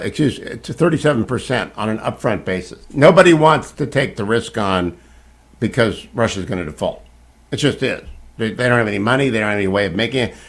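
A man's voice: medium pitch, fairly bright tone. Emphatic male talk radio host. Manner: emphatic, opinionated, occasional stumbles.

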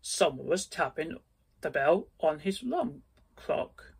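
Storybook reader: a man, slightly high, slow careful delivery. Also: sing-song, creaky, slightly rough. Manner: slow, careful reading with small slips. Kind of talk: reading a storybook aloud.

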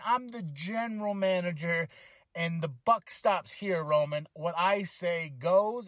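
A man hosts his own podcast and recaps the show in a loose, rambling way. His voice sits a little high for a man and he drops into quoted voices as he goes. The sound is dry and close, with no room echo. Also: a little slow. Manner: excitable, chatty, acts out quotes. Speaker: podcast host. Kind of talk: casual solo wrestling recap.

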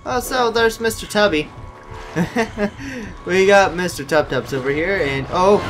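A gameplay commentator with a high, fairly bright voice talks slowly through a horror game, joking, chatting with the characters and yelping or shrieking when scared. Soft music plays behind him in this noisy home recording.

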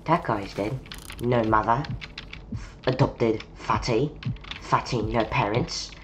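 A low-voiced woman streaming games drawls slow, mumbly commentary and swaps sarcastic jabs with fellow players. Keyboard typing and mouse clicks come through clearly, along with other background noise.

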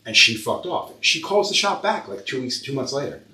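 A man telling shop stories in casual chat, profane and animated, acting out both sides of each argument. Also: mid-range voice, brisk, roomy sound, far from the mic, a loud crowd. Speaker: podcast host, tattoo shop owner.

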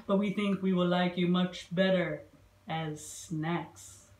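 A woman voicing a big, sly male spider villain who speaks low, soft and menacing. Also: steady tone, slow. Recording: roomy echo.

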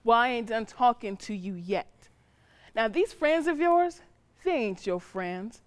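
A woman's voice: a little high, expressive, a little slow. A woman playing a stern, loving mother. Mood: stern scolding. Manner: scolding, pleading, colloquial. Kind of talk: drama acting.

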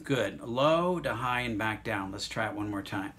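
A man teaching an online music lesson, encouraging students and walking them through note names and vocal warm-ups. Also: on the low side, animated, normal speed.

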